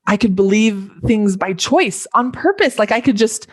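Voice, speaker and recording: A woman's voice: medium pitch, animated, normal speed, no echo, studio quality. A woman life coach speaking as a podcast guest, earnest and thinking aloud with plenty of fillers. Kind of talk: casual conversational interview.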